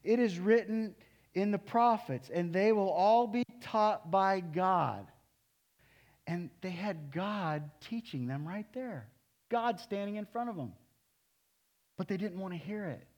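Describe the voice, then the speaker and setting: Male pastor, sixties, sermon, higher pitch, chatty preaching with loud bursts. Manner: conversational preaching with sudden loud animated bursts.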